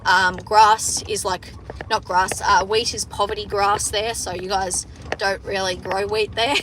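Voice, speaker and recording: A woman's voice: medium pitch, little pitch movement, unhurried, background noise. A young Australian woman who farms, chatting casually and bluntly on a livestream while reading comments, swearing freely. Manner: profane, blunt, joking. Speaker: farmer livestreamer.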